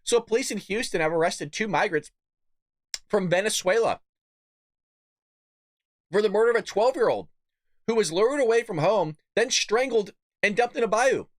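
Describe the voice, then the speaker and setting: Furious male podcast host, profane political rant, high-pitched and close, dry sound. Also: animated, normal speed, pauses often, dry recording. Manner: angry, profane ranting; mocking put-on voices for quoted opponents.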